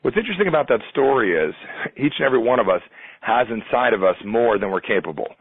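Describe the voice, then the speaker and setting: A man's voice: mid-range voice, fast, husky. A man teaching a motivational training on discipline, telling stories and acting out the voices of the people in them. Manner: energetic storyteller, acts out quoted voices. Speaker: results coach. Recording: tinny phone-like lo-fi sound.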